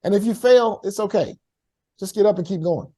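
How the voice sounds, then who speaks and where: Energetic motivational man, high voice. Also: normal speed. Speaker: guest speaker. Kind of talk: online workshop talk. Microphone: video call.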